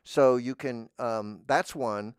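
A man hosting a podcast, musing in a meandering deadpan monologue that trails off into mumbles. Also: takes it slowly, clean tone, dry recording, clean studio sound. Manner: jumps into high squeaky voices for imagined speakers. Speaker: podcast host. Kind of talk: rambling comic monologue.

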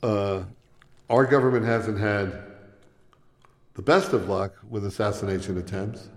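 A man hosting a comedic call-in radio show, joking deadpan and pausing on fillers as he talks. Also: on the low side. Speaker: radio host.

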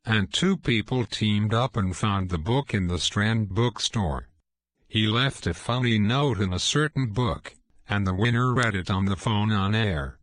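A man filling in as host, introducing archived radio clips in a plain, even read. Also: lowish voice, measured pace, no room sound. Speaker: fill-in host of a clip show. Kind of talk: scripted radio narration.

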